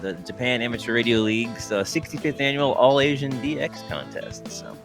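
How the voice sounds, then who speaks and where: A man co-hosting a radio hobby podcast, reading event news in a halting way with many ums and uhs. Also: medium pitch, animated, vocal fry, over music. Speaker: co-host. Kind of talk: casual ham radio chat.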